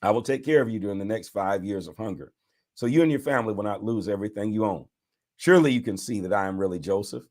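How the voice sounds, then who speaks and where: A man's voice: fairly low pitch, quick pace. A man, a bishop, reading scripture aloud and breaking off into preacher-style commentary. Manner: animated reading with preacher asides.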